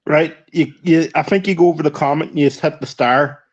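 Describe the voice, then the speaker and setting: A man briefly joining a livestream call from work, relaxed and brief. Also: on the high side, brisk, dull audio. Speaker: stream guest on a call. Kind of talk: casual chat.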